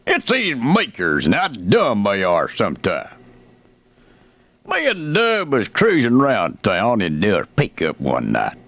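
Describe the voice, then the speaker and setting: A man's voice: fairly low pitch, huge pitch swings, unhurried, fairly bright tone, no echo, pitched below the performer's own voice, exaggerated voice. A man playing an indignant folksy redneck who rants about dumb neighbors. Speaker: radio comedian.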